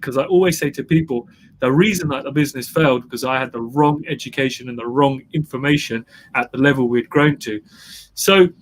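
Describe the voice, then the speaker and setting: A man who is a guest entrepreneur, telling his story in an emphatic interview style and repeating phrases for effect. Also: on the high side. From England.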